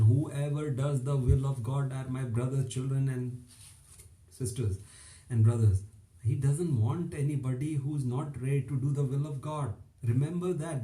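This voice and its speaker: A man delivers an informal sermon straight to his listeners, pressing each point with emphatic repetition and small chuckles. His voice is deeply mellow and dark, at an ordinary pitch for a man. It rings out in a noticeably echoey room. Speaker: preacher.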